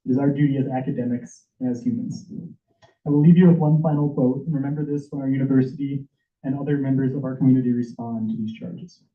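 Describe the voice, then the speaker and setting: A man's voice: mid-range voice, fairly even intonation, fast. A man giving an impassioned, emotional prepared speech as a public commenter at a senate meeting, urgent and stumbling at times. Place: meeting hall. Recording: echoey room over tinny phone-like audio.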